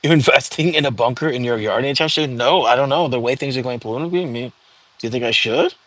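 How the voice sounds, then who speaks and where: A man's voice: medium pitch, fast, a bit bright. Chatty young man hosting a livestream. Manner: chatty and easygoing, reacts to viewer comments as they come. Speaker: livestream host. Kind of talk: casual livestream chat, reading comments aloud. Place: home.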